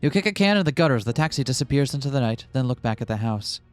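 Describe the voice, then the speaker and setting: Brief: man narrator, casual and sweary, middle voice, soft music bed. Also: mid-range voice, expressive, very fast. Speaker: co-host playing a game. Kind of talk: reading a text game aloud.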